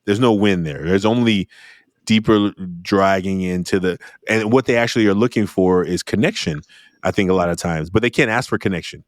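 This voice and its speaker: Animated man hosting a talk podcast. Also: fairly quick, no room sound, clean studio sound. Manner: animated storyteller, jumps high when acting out exchanges. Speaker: podcast host. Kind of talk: conversational interview.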